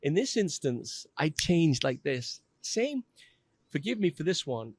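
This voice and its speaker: A man in his fifties, a podcast guest, telling a personal story in an earnest, animated way. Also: on the high side, a little slow, husky, no room sound, studio quality.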